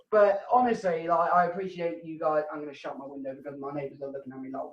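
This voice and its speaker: A woman's voice: low-pitched, fairly even intonation, normal speed, pauses often, reverberant, lo-fi sound. A woman hosting a comedy show from home over a video call, ranting and swearing and laughing at her own jokes. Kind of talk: casual rambling stand-up hosting.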